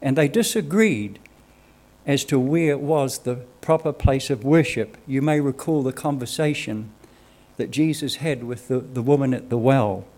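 A man delivers a sermon in a measured, earnest manner. His voice sits at an ordinary middle pitch, and he moves between teaching and reading Scripture aloud. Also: a little mellow. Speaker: lay preacher.

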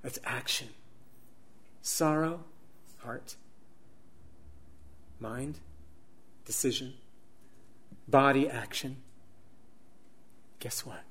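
A middle-aged man preaching a sermon, swinging dramatically between hushed near-whispers and loud, emphatic peaks. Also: medium pitch, drawn-out words, long pauses, breathy edge.

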